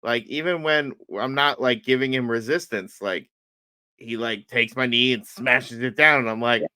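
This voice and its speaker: A man with a bright, forceful voice tells stories on a podcast and acts out every quoted line. The sound is close and dry, with no room around it. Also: medium pitch, normal speed, smooth, no room sound. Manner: animated storyteller, acts out quotes. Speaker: podcast host. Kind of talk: casual chat.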